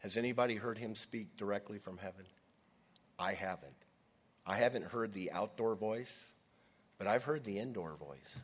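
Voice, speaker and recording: A man preaching a sermon, moving between loud emphatic lines and quiet, hushed passages. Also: on the low side, moderate pace, husky. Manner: dynamic, swings from loud emphasis to hushed near-whisper. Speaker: pastor.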